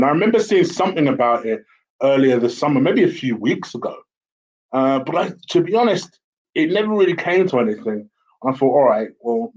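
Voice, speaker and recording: A man's voice: medium pitch, a little mellow. A man talking casually to camera as a football fan vlogger, blunt and opinionated. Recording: slightly dull lo-fi audio.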